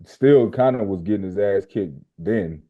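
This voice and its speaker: A man's voice: lowish voice, a little slow, phone-quality sound. A man co-hosting a casual wrestling chat, laid-back and slangy. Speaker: podcast co-host.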